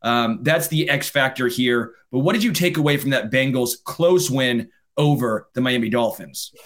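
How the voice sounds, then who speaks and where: A man co-hosting a casual sports podcast, talking in an animated, emphatic and teasing way. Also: medium pitch, normal speed. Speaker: podcast co-host.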